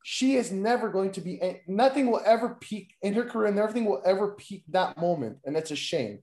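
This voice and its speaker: A man co-hosting a casual wrestling podcast, ranting with heavy profanity and bursts of mock shouting. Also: high voice, expressive, fairly quick, echoey room. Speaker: podcast co-host.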